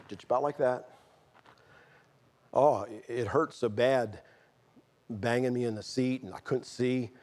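A middle-aged man, preaching a sermon and telling a personal testimony, moving from quiet storytelling to fervent outbursts. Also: medium pitch, slightly rough. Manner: earnest, swings from quiet storytelling to shouted fervor.

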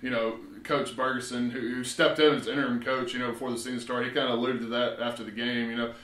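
A man co-hosting a local sports show, breaking down high school football with lots of filler words. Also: little pitch movement, fast, fairly bright tone. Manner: rambling, many "you know" fillers. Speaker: sports reporter co-host. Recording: roomy echo.

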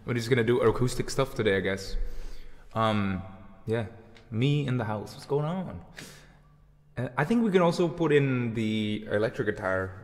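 A man's voice: mid-range voice, expressive, moderate pace, faint music behind. Chatty thirty-year-old man on a livestream, reverberant. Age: 30s. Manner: rambling and chatty, full of fillers. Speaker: livestream host and musician. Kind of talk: casual chat reading out viewer comments. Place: home room with lights and guitar gear.

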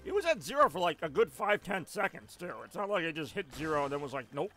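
Bright-voiced man streaming a game. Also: on the high side, sing-song, quick pace, soft background music. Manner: rambling, joking, chatting with viewers. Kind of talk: casual live stream gameplay commentary.

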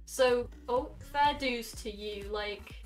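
A woman's voice: a little high, takes it slowly, soft background music. Chatty young Welsh woman streaming. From Wales. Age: young adult. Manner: chatty, rambling, talks to chat while playing. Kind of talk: casual gaming stream chat.

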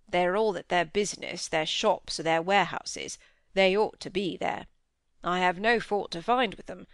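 A solemn country minister, put on by a woman reader, speaks with earnest, preaching weight. The voice sits fairly low. The sound is dry and close to the mic, as in a storybook audiobook. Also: fairly bright tone, dry recording. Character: grave pious middle-aged male minister and farmer.

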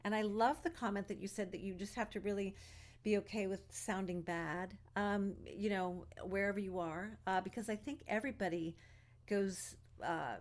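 Affirming woman interview host. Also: medium pitch. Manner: affirming, encouraging. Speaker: host, co-artistic director. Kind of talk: interview conversation.

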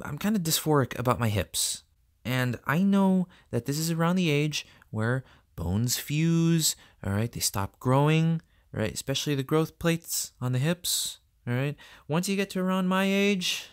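A woman in her twenties with a lower voice recording a personal, halting message to her future self, full of repeats and restarts, with sarcastic asides, from a dark closed-off room. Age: 20s. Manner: halting, self-interrupting, thoughtful. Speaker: vlogger.

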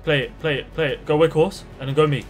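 A young man giving chatty, slangy gameplay commentary as a gaming YouTuber, excitable and given to sudden loud outbursts. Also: a little high, fast talker, soft background music.

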